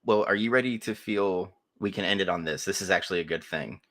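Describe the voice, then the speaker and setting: A man's voice: deep voice, quick pace, a bit bright. A man co-hosting a podcast in casual chat, telling stories with a lot of swearing and laughter. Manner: profane, laughing storyteller. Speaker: podcast co-host.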